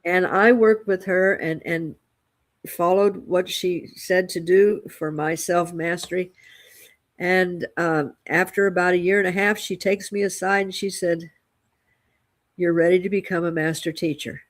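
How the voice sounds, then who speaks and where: A woman's voice: on the low side, fairly even intonation, a little slow. A woman co-hosting a casual spiritual chat show, a Reiki master teacher who tells her story reflectively and with restarts.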